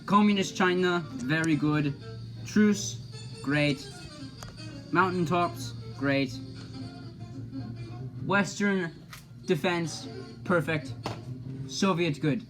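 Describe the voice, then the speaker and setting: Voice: medium pitch, drawn-out words, long pauses, over music, rough recording. A player voicing a blunt comic Soviet leader, speaking in clipped one-word verdicts. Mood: proud.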